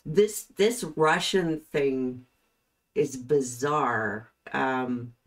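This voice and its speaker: A woman with a low voice talks slowly over trial footage in a relaxed, casual commentary. She sounds thoughtful and puzzled, pausing often as she works through her doubts. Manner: slow, thoughtful and puzzled, with frequent pauses. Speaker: host reacting to trial footage.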